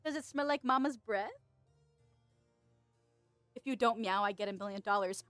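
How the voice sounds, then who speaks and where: A young adult woman streamer chatting casually and excitedly with her viewers, laughing often. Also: a little high, normal speed, pauses often, no room sound, soft background music. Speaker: streamer and VTuber. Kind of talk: casual livestream chat.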